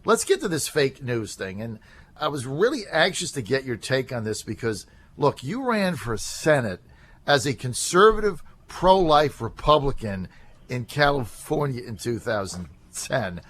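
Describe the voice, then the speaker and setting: A man's voice: mid-range voice, big pitch swings, a little slow, a bit bright. Man, radio talk show host, rambling, casual, filler words. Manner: rambling, conversational, many fillers.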